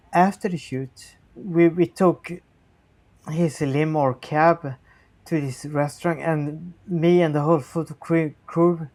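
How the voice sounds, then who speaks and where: A man from Sweden with a Swedish accent, a guest telling his story in a conversational interview, lively and acting out voices, often restarting words. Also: on the high side. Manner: animated storyteller, acts out quoted voices, frequent restarts.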